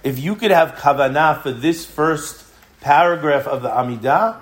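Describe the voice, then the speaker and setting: A man teaching a classroom Torah lesson, explaining earnestly through rhetorical questions and often dropping to a low, intense voice. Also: moderate pace.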